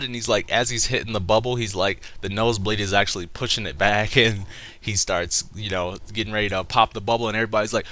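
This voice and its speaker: A man's voice: lowish voice, steady tone, fairly quick, sharp tone. A young man casually retelling a comic chapter for a review video, rambling and swearing as he talks. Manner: rambling, profane, laughing retelling. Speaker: manga reviewer.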